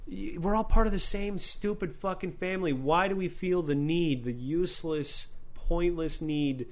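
A man's voice: high voice, normal speed. A man hosting a casual podcast, ranting with plenty of swearing and stumbling restarts. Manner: ranting, profane, many restarts. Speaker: podcast host.

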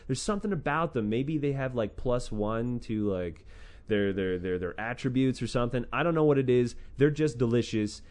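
A man tells ancient stories in an irreverent, casual way, swearing freely and slipping into mocking quoted voices. His pitch swings widely from low asides to high exclamations, sitting at an ordinary middle register. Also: normal speed. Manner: profane, sarcastic, animated with acted-out quotes. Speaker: podcast host retelling a scripture book.

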